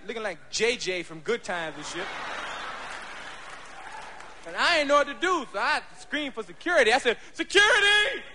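A man doing profane, animated stand-up storytelling with lots of voices. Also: very high-pitched, long reverb tail, slight background noise. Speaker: stand-up comedian. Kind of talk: stand-up comedy. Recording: live club with crowd.

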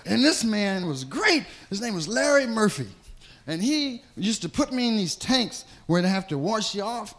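A man doing a stand-up routine, telling a profane story with lively acted-out voices. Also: high voice, moderate pace. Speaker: stand-up comedian.

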